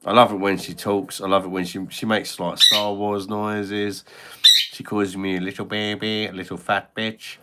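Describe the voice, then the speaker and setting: A man's voice: on the low side, little pitch movement, moderate pace. A man hosting a casual live stream, bantering and swearing at his noisy pet bird while reading chat comments. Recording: loud parrot squawks behind.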